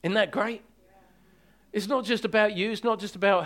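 A man preaching a sermon as pastor, emphatic and urgent, slowing to draw out key words for weight. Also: high voice, steady tone, a bit bright.

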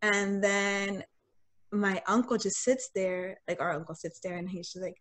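A young woman telling a personal story in casual talk, candid and animated, acting out what people said. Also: mid-range voice, normal speed. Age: young adult. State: getting choked up. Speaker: guest sharing a personal story.

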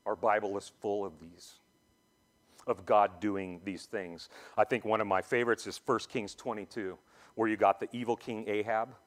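A male pastor giving a sermon, retelling scripture in relaxed slangy speech and building to emphatic preaching. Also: on the low side.

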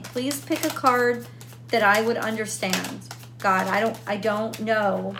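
Bright-voiced woman doing a tarot reading. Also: a little high, takes it slowly, slight background noise. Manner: thinks aloud, frustrated, restarts and repeats questions. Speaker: tarot reader. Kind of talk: casual spoken tarot reading.

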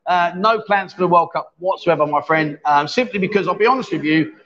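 A man's voice: high-pitched, a little fast, fairly bright tone. A middle-aged man hosting a casual live stream, chatty and jokey, reading viewer comments and laughing often. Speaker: livestream host. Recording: dull lo-fi stream audio.

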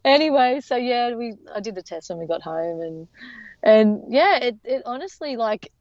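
A woman's voice: on the high side, big pitch swings, moderate pace, a little mellow, no echo. A woman, telling her story as an interview guest in a chatty way full of fillers and restarts. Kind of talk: casual storytelling. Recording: dull lo-fi sound.

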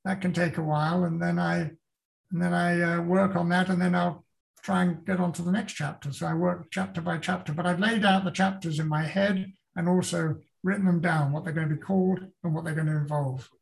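Gravelly older British man, rambling. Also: high voice, steady tone, fairly quick. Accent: British English. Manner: rambling, repeats words and restarts often. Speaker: author, guest. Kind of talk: casual interview chat.

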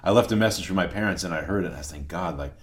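A middle-aged man from New England, a podcast guest telling stories in a relaxed, halting way, often restarting his sentences. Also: low voice. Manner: relaxed, halting, restarts phrases, many murmured agreements. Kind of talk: conversational interview.

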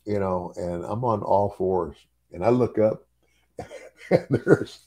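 A man's voice: on the low side, slow, darkish tone, husky. An older man and former wrestler telling a story in casual chat, chuckling often and repeating words as he goes.

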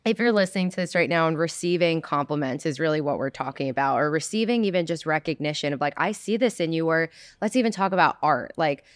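Woman host, New Jersey accent, expressive, dry close mic. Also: deep voice, fast, hardly any pauses, dry recording. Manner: expressive, draws out her words. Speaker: podcast host. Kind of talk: casual interview chat.

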